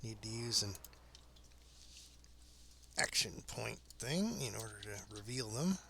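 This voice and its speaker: Male game streamer, laid-back commentary with dry humor; slow, crisp gravelly voice. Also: lowish voice, slight background noise. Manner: relaxed, chuckling, dry asides. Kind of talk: casual gameplay commentary.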